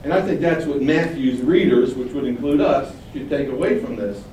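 A man preaching a sermon, animated, acting out quoted lines with sudden rises. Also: medium pitch, normal speed. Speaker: pastor. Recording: very echoey room, distant mic, faint noise.

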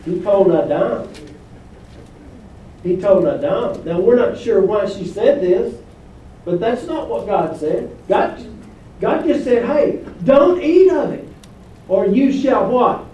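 A man's voice: high-pitched, expressive, takes it slowly, long pauses, mellow, highs cut off, slight background noise. A man preaching a sermon as pastor, reading scripture aloud and asking the congregation questions. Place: church hall. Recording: echoey hall, voice from far off.

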